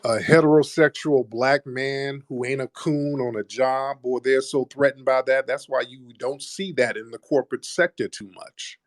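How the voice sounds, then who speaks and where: A man's voice: medium pitch, fairly even intonation, moderate pace, hardly any pauses, no room sound. A man hosting a call-in talk show, speaking bluntly and mocking callers. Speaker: host.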